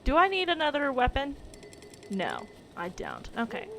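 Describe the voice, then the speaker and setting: Lively young woman streaming a game. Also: high voice, moderate pace, vocal fry, slight background noise. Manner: chatty, laughs often, exclaims at game mishaps. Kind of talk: casual gameplay commentary.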